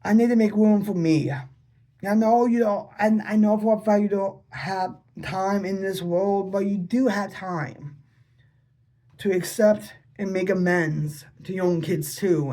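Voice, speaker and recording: A man's voice: high voice, unhurried, dark tone. A man vlogging an unscripted, rambling monologue to his father, repeating himself and asking pleading questions. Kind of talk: unscripted personal vlog monologue.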